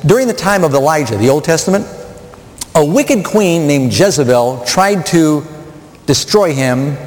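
A man preaches a sermon with a fairly high voice that swings widely in pitch as he builds each point. He poses rhetorical questions to a studio audience and drives home his emphasis. His voice rings with a long reverb, as if filling a large hall. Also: darkish tone. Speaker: pastor.

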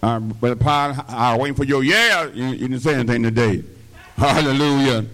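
A man's voice: medium pitch, animated, a little fast, fairly bright tone. An older man preaching a sermon, filling his lines with amens, hallelujahs and call-and-response, with a slight cough. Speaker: pastor.

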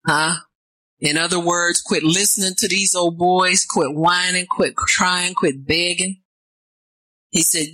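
A woman's voice: fairly low pitch, fairly even intonation, a little slow, dry recording, rough recording. A woman preaching a sermon, reading scripture aloud and breaking in with questions to the congregation, her voice climbing as she builds. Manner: call-and-response asides, rising to shouts.

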